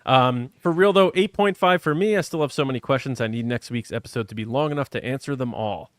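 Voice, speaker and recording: A man's voice: mid-range voice, fast, no echo, clean studio sound. A man hosting a fan aftershow, reading listener comments and running a trivia segment in a casual, upbeat way. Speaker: podcast host.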